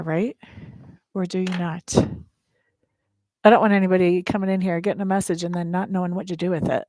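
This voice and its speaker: A woman's voice: mid-range voice, darkish tone, dry recording. A woman hosting a live tarot reading, chatting straight to her viewers in a blunt, playful way. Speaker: tarot reader and livestream host.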